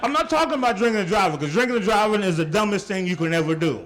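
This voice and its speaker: Animated young man doing stand-up. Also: sits high, racing. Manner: animated, teasing the crowd. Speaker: stand-up comedian. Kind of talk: stand-up routine. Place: comedy club stage. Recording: live club recording with audience noise.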